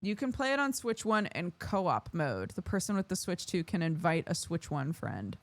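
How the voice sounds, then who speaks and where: Chatty woman streamer, lively pitch. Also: moderate pace, dry recording. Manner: chatty, reads out chat and thanks subscribers. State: yawning, tired. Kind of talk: casual chat.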